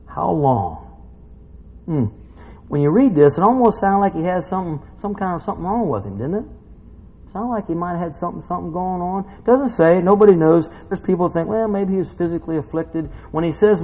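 A man preaching a sermon, swinging between hushed reading and loud excited exclaiming with bursts of laughter. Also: on the high side, fairly quick, slightly rough, low-quality recording.

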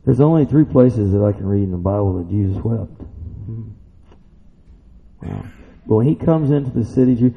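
Gravelly preacher man in a reverberant hall. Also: moderate pace. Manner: animated, swings from loud excited shouts to low quiet asides; asks the listeners questions. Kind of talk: sermon. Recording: dull sound with long reverb in a hall.

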